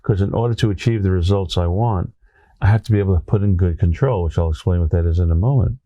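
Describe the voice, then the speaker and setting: This man, once a teacher, speaks in a Brooklyn accent and spins a lively classroom story as a guest in an interview, peppering it with "right?". He sits low and talks fast; the recording is muffled with no room sound.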